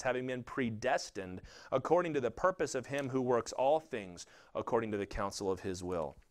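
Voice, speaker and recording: A male pastor with a Southern US accent delivering a sermon, rising loud for emphasis and dropping low for quoted lines.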